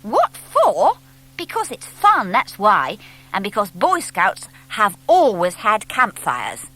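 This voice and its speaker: A woman playing a cheerful, confident young boy scout who talks briskly and bossily. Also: medium pitch, wildly swooping pitch, bright, forceful tone, exaggerated voice. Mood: jolly.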